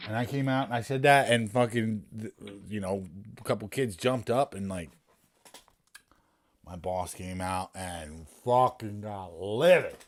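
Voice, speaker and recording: Guy rambling on stream, swears a lot, casual story time. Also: on the low side. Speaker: poker streamer. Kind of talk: casual chat while streaming.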